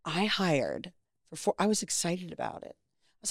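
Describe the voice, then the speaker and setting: A woman's voice: medium pitch, animated, brisk, vocal fry, no echo, studio quality. A middle-aged woman from Canada, a guest in an interview, telling personal stories candidly and bluntly, with some swearing. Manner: frank, profane, acts out quoted voices. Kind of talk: candid storytelling.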